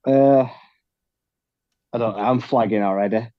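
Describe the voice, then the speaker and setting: A man's voice: medium pitch, a little slow, dry recording, lo-fi sound. A man giving blunt, opinionated takes on a podcast panel, swearing freely. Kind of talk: casual chat.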